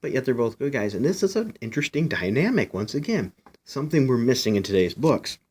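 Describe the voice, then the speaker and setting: A man's voice: mid-range voice, big pitch swings, fairly quick, a little mellow, slightly rough. A man casually reviewing a comic book, rambling a little and asking viewers questions. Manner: chatty, rambling, frequent "you know"; asks viewers questions directly.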